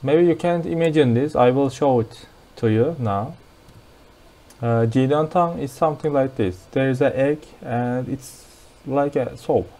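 A man's voice: medium pitch, unhurried, dark tone. A young man with a Turkish accent teaching a language lesson, explaining patiently and repeating words as drills.

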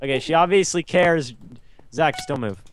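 A man's voice: on the high side, moderate pace, a little hiss or hum. A man hosting a casual online gaming session with friends, teasing and repeating orders. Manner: bossy, teasing, repeats himself. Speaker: host.

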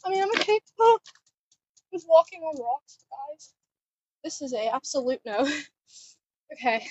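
A teenage girl vlogging outdoors at home, chatting in a rambling, giggly, excitable way into a handheld phone. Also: sits high, unhurried. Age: teens. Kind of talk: casual chatty vlog. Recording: dull, muffled phone audio.

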